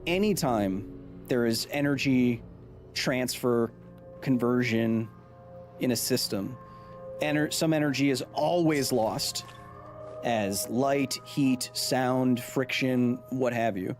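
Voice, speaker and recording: A man in his thirties talks his way through a live video game stream, mixing casual science explanations with chatter. He reads viewer comments aloud and answers them in a relaxed, mid-pitched voice. Faint music plays underneath. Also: takes it slowly.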